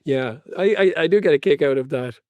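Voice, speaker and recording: A man's voice: medium pitch, expressive, a little fast, darkish tone, dry recording. A man co-hosting a football book podcast, chatty and rambling, amused by his own tangents. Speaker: podcast co-host. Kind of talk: casual chat.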